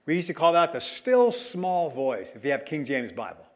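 High, lively-voiced male preacher. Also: normal speed. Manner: emphatic preaching, with sudden swings between loud and soft. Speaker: pastor. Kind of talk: sermon.

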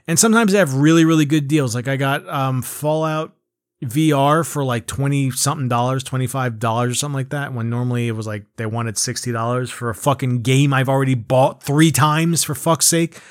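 A man's voice: medium pitch, dry recording, clean studio sound. Rambling, profane man ranting about games. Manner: rambling, profane, frequent fillers and restarts. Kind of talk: casual rant.

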